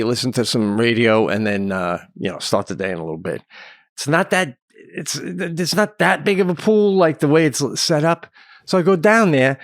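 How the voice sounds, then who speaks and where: A middle-aged man telling a story in casual chat on a podcast, swearing and acting out the yelling in it. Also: on the low side, no room sound, studio quality. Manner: animated, swears a lot, acts out yelling in his stories. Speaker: podcast co-host.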